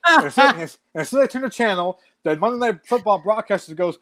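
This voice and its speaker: Guy in his 40s, kinda high voice, animated storyteller, swears a lot. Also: fast talker. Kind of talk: casual chat.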